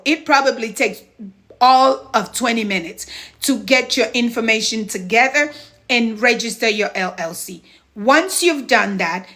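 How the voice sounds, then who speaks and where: Bright, upbeat woman mentoring live. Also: on the high side. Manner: encouraging, chatty, thanks viewers between steps. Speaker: home care business mentor. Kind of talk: live-stream advice chat.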